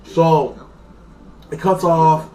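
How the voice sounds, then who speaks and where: A man's voice: on the high side, steady tone, extremely slow, crowd noise. A man casually recapping a TV episode, rambling with lots of fillers and acting out lines in quotes. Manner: rambling, filler-heavy, retells scenes in quotes. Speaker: TV episode reviewer. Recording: echoey room, mic at a distance.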